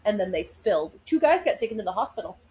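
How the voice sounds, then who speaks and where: A woman co-hosting a podcast from her living room, telling stories in an animated, chatty way. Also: mid-range voice, quick pace, poor audio. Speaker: podcast co-host. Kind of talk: casual chat, storytelling.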